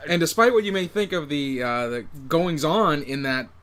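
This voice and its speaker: A man's voice: fairly high pitch, expressive, normal speed, a bit bright. A man co-hosting a podcast, chatting casually and sarcastically about a movie, laughing often. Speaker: podcast co-host. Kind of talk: casual movie-review chat.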